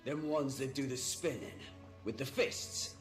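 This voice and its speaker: An actor playing a gruff, haggling male pirate boss with a rough, dialect-heavy manner of speech. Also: mid-range voice, unhurried, echoey room, soft background music, lightly acted. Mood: gruff bargaining. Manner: scoffing, bargaining.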